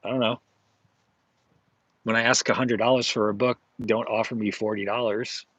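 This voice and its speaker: A man's voice: lowish voice, level tone, normal speed, fairly bright tone, dry recording, low-quality recording. A man streaming from his flea market stall, chatting casually in a rambling way, with many fillers and self-corrections. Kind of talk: casual live-stream chat.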